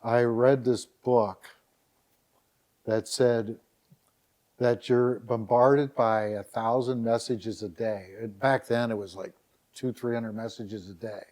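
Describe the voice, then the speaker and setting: A man's voice: mid-range voice, slow. A man being interviewed on a podcast, telling stories casually and acting out quotes with animation. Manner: animated, acts out quotes in a raised voice. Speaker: guest, dating site founder.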